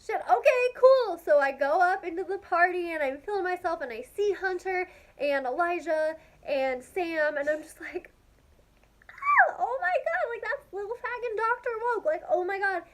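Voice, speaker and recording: Excitable, high-voiced young woman vlogging. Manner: gushing, excitable, heavy use of "like". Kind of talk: casual storytelling to camera.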